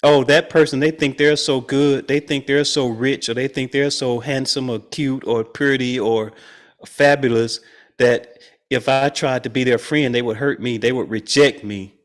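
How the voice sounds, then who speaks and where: A man's voice: medium pitch, moderate pace. A man leading a spiritual study group, teaching in a conversational way and chuckling often. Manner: chuckles often, animated and playful.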